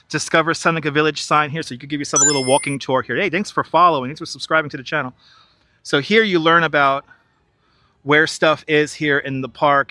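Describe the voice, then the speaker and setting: A chatty New Yorker guides a casual walking tour of a large city park on a live stream, his slightly high voice sharp in tone and free of room sound. Wearing a wireless clip-on mic, he reads viewer chat aloud and laughs easily.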